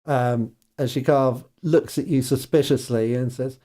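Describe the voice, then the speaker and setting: A man running a tabletop game as game master, narrating in an unhurried, hesitant way with frequent laughs. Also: medium pitch, fairly even intonation, mellow.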